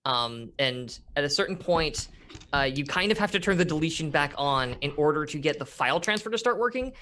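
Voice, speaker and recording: A man's voice: a little high, animated, brisk, bright, forceful tone, a little hiss or hum. A man narrating as game master of a tabletop game, rambling with many fillers and frequent laughs.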